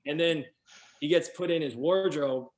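Slightly high-voiced man telling stories. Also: normal speed. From US, San Francisco Bay Area. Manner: animated storyteller, slangy, many "you know" and "man". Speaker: actor guest. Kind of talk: casual chat, telling anecdotes.

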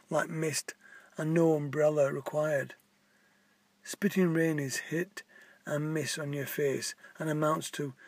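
A matter-of-fact park keeper explains things plainly, with a put-on Scottish lilt, as the storyteller puts him on. The voice is husky and slightly high. It sounds dry and close to the mic, as in a storybook reading. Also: male voice, dry recording.

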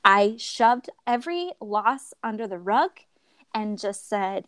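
In a dry recording, a young woman whose voice sits a little high shares a personal story at an unhurried pace while guesting on a podcast. She laughs frequently and performs the quoted dialogue expressively.

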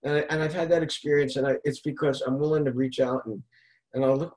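A male podcast host talks in loose, rambling conversation, often restarting his sentences. His voice sits at an ordinary middle pitch for a man. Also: fairly even intonation, fast, darkish tone, low-quality recording. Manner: rambling, restarts, retells street encounters. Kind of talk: casual chat.

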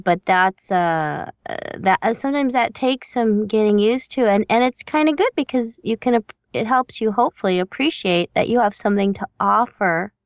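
Lady host chatting w a guest, thinks out loud, dry close mic. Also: medium pitch, lively intonation, moderate pace, no echo. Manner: chatty, reflective, many fillers. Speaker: interview host and voiceover performer. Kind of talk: casual interview chat.

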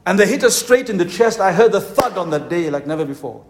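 A male pastor with a fairly high voice delivers a fervent sermon at a conference. He leans hard on slow, emphatic phrases. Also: lively intonation, a little hiss or hum. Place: conference hall.

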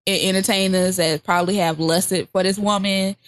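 A woman co-hosting a podcast, gossiping crudely with laughs, sighs and loud exclamations. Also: medium pitch, fairly even intonation, normal speed, no room sound. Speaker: podcast co-host. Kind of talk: casual chat.

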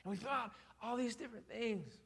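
A man's voice: very high voice, a little fast, fairly bright tone, slightly rough. A man preaching a sermon in a conversational way, with emphatic repetition and rhetorical questions. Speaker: pastor.

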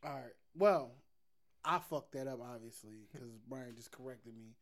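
A man's voice: medium pitch, measured pace. A man co-hosting a casual chat, laid-back and slangy, swearing casually. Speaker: podcast co-host.

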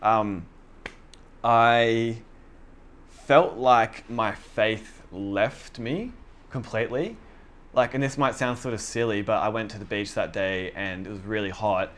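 A man's voice: on the low side, slow pace, a bit bright. A young man giving a sermon as a casual story, self-deprecating and chatty, with many fillers and quoted asides to himself. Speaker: preacher.

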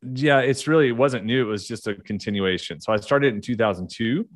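A man's voice: medium pitch, fairly quick, no echo, studio quality. A middle-aged man with an Oklahoma accent, telling stories as a podcast guest in a casual, rambling way with many fillers and restarts. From United States. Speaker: podcast guest, leadership author. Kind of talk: casual interview storytelling.

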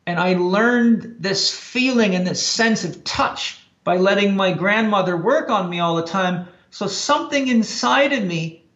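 Male interview guest, high voice, earnest reflective storyteller, roomy dull-sounding recording. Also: a bit bright. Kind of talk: personal life story in conversation. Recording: echoey, slightly dull recording.

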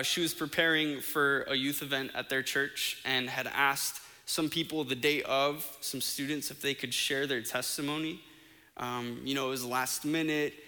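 A man's voice: on the high side, sharp tone, big-room sound. A man preaching an earnest, conversational sermon, with frequent restarts and fillers.

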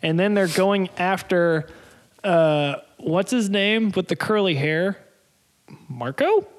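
A man co-hosting a casual podcast, chatty and animated, laughing often as he talks. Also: high voice, slow pace. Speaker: podcast co-host. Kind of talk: casual chat.

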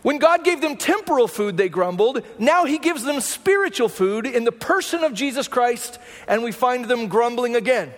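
Guy pastor giving a sermon, chatty style, really high voice, echoey hall sound. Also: lively intonation, moderate pace, few pauses, fairly bright tone. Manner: conversational preaching with rhetorical "right?" asides.

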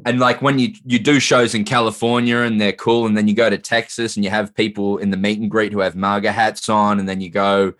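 Lower-voiced Australian comedian guest. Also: male voice, little pitch movement, brisk, hardly any pauses, fairly bright tone. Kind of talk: casual chat.

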